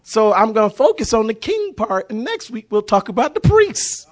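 High-voiced man preaching with fervor. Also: very animated, moderate pace, hardly any pauses. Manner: impassioned, repeats phrases and shouts for emphasis. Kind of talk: sermon.

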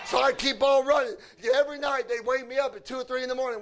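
A man preaching a fervent sermon, often shouting and lapsing into a sing-song cadence. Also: very high-pitched, fairly even intonation, fast talker, few pauses.

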